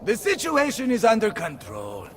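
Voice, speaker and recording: An actor with an Italian accent playing a boisterous, hot-tempered mercenary general in a game, blustering and shouting curses. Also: male voice, high-pitched, wildly swooping pitch, normal speed, far from the mic, a little hiss or hum.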